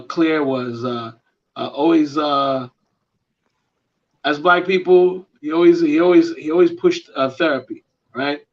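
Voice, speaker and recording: Podcast guy, kinda high voice, stops and starts a lot with uh's, dull muffled audio. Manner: earnest, halting, many "uh"s. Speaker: podcast co-host. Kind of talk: casual chat. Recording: dull lo-fi sound.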